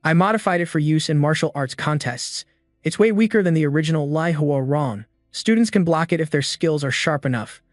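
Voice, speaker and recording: A cocky young clan heir boasts slowly and smugly, as a man reads him out. The voice sits a little high for a man and is recorded dry and close. Soft music plays underneath. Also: no echo, natural voice. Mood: confident. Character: confident young male martial arts clan heir.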